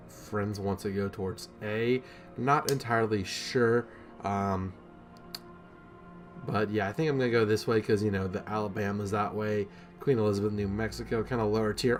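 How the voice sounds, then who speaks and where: Young male gameplay commentator, low-pitched, chatty and self-mocking, faint music bed. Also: moderate pace. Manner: rambling, self-deprecating, many ums.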